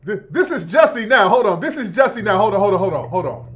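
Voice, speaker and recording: Sarcastic man with a lively voice. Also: sits high, quick pace. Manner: sarcastic, mocking, laughs often, repeats "hold on". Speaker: radio show host. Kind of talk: mocking commentary monologue.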